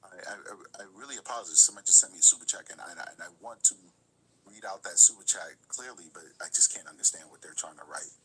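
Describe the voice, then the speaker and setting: A man's voice: sits low, expressive, quick pace, bright, forceful tone, slight background noise, rough recording. A man hosting a live-stream reaction, explaining points carefully and repeating them for emphasis. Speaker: commentary host.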